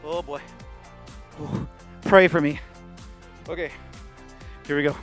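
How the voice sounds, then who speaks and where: American guy doing kids church storytime, playful and animated, silly roars, some music low behind him. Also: slow. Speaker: children's pastor. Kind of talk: kids' Bible storytelling.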